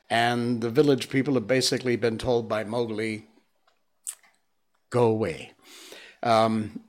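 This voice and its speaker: Slow-reading man narrating a storybook. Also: on the low side. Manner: relaxed and chatty between passages. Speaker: reader of a classic novel.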